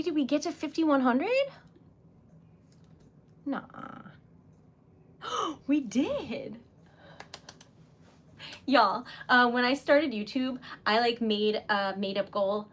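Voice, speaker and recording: A young woman hosting a crafting livestream, chatting casually, giggling and gushing over her work. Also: mid-range voice. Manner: chatty and self-deprecating, giggly, gushes excitedly. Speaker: livestream host making wax seal stickers.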